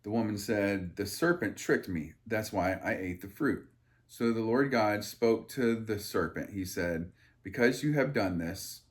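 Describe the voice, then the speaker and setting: A man reading a Bible passage aloud and breaking off into irreverent, crude joking asides, with a loose, rambling delivery full of fillers and restarts. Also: lowish voice. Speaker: Bible study leader. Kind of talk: casual Bible reading with commentary.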